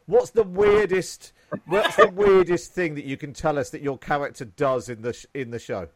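A man's voice: on the high side, expressive, moderate pace, no room sound. A man interviewing a cast, asking rambling questions with many restarts. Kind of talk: casual interview.

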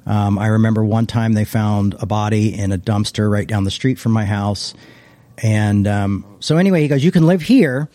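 A man's voice: lowish voice, steady tone, moderate pace, dark tone. A man, a former pastor, reflectively telling his life story in a casual interview, meandering and often restarting his sentences.

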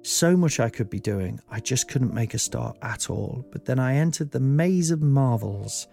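A man's voice: medium pitch, expressive, moderate pace, vocal fry, warm tone, faint music behind. A middle-aged man and comedian hosting a podcast, telling a rambling, self-deprecating comic monologue full of swearing.

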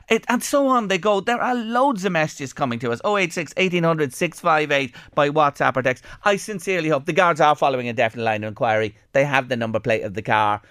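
An Irish man hosting a radio show from the studio, his voice sitting fairly high for a man. He talks earnestly and with emphasis, repeating words over and over. The sound is close and dry. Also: animated, brisk, hardly any pauses, fairly bright tone, clear, resonant tone, dry recording. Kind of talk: emotional radio talk.

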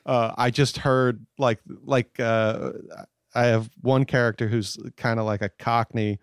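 A man's voice: mid-range voice, level tone, measured pace, smooth, no room sound, clean studio sound. A man talking casually as a podcast guest, rambling with many fillers and restarts. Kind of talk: casual chat.

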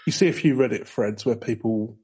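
A man's voice: mid-range voice, a little mellow, slightly rough. Dry-humoured man hosting a podcast. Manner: dry, understated, halting with fillers. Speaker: podcast host. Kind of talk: casual comedic chat.

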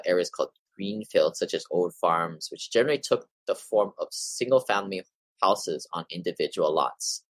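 A man's voice: low-pitched, no room sound, poor audio. A man hosting a casual explainer, reading articles aloud and adding chatty asides to listeners. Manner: conversational, addresses listeners as you guys, with asides. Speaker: real estate investing newsletter host.

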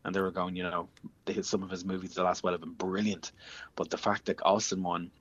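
An Irish man chatting on radio as an entertainment reporter, telling stories in a lively, anecdotal way. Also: sits low, quick pace, slightly rough, lo-fi sound. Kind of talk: casual radio chat.

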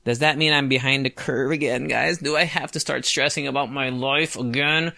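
A man's voice: mid-range voice, fairly even intonation, normal speed, vocal fry, sharp tone, dry recording, studio quality. A man in his late twenties hosting a solo podcast, talking casually with swearing and self-mocking humor. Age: 20s. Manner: casual, profane, self-mocking, laughs often. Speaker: podcast host.

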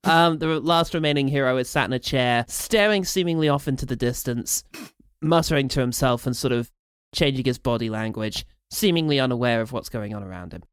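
A man playing a tabletop role-playing game, describing his character in a measured, hesitant way. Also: medium pitch, clean tone, dry recording, clean studio sound. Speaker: player.

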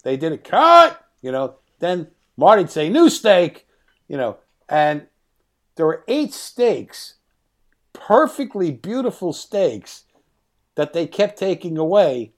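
A man's voice: on the high side, takes it slowly. A middle-aged man, a film director guest, telling anecdotes in an interview, acting out quotes and laughing often. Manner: lively raconteur, acts out quotes, laughs often.

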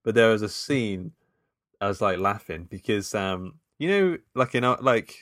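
A man's voice: on the low side, lively intonation, normal speed, a bit bright, no echo, studio quality. A man co-hosting a podcast in casual chat, laid-back and hesitant. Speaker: podcast co-host.

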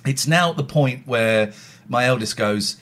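A man in his forties chatting casually on a podcast, jokey and quick to slip into silly voices. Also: medium pitch, a bit bright. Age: 40s. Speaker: podcast host. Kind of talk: casual chat.

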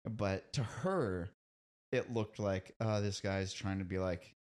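Slow and lowish, with a somewhat dark tone, a man chats loosely on his podcast, telling stories and laughing a lot along the way.

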